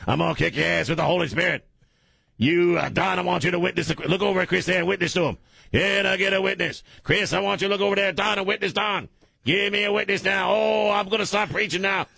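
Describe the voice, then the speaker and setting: A man doing a voice of a fiery male radio preacher who shouts, builds into a frenzy and threatens his congregation. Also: high-pitched, steady tone, fast talker, creaky, breathy edge, no room sound, clean studio sound, voice pushed up, full character voice. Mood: fired up.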